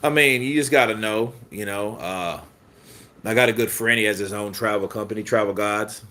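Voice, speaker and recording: A man's voice: on the low side, normal speed, pushed and bright. A man hosting a live boxing news stream, joking and swearing casually while answering viewer comments. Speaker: host of a boxing news channel.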